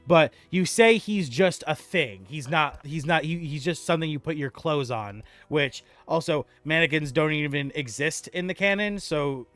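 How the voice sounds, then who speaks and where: A man's voice: a little high, expressive, moderate pace, few pauses, a bit bright, no echo, soft background music. Man narrating as game master. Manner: descriptive with frequent restarts and laughter.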